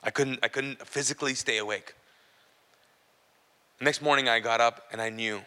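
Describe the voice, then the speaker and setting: Male minister, bright forceful voice, hushed storytelling testimony in a large church hall with long reverb. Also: steady tone, moderate pace, smooth. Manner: storytelling, often dropping to a low hushed voice. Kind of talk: sermon testimony.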